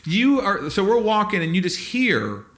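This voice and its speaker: A man in casual podcast chat whose voice sits a little high and sounds bright and forceful. He tells stories with lots of swing in his pitch and slips into squeaky impressions of the people he describes. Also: normal speed. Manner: animated storyteller who mimics people in high squeaky voices. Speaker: podcast co-host.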